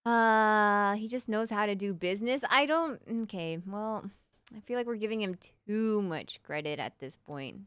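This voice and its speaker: A young woman talks to her stream audience in an easygoing, playful way, answering their questions and humming little nonsense syllables between thoughts. Her voice is smooth and clean, and she takes her time. The sound is dry and close, with no room echo. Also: medium pitch, unhurried, fairly bright tone. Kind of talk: casual live-stream chat, answering viewer questions.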